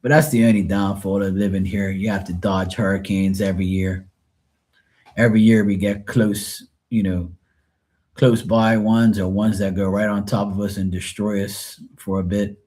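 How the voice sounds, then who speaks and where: Bermudian man, low voice, mellow tone, rambling casual live-stream chat. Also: level tone, moderate pace. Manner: rambling, chatty, answers viewers loosely. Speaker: live-stream tarot reader.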